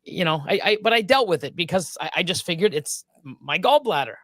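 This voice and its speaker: A man's voice: sits high, lively intonation, a little fast, a bit bright, dry recording. A man co-hosting a live stream, telling a story in casual chat, rambling and swearing freely with lots of stops and restarts. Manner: rambling and profane, with many restarts.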